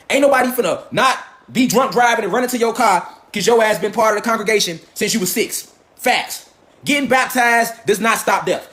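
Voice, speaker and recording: A man delivering a profane, animated monologue, mocking and heated, full of rhetorical questions. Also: very high-pitched. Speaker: host of a lecture channel.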